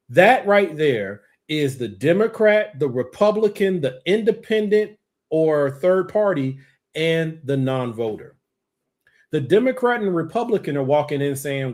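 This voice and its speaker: A man's voice: big pitch swings, unhurried, a little mellow. A man hosting a political talk show, arguing with passion and rhetorical questions. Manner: impassioned, rhetorical, pitch rising when worked up. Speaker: show host. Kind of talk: political commentary.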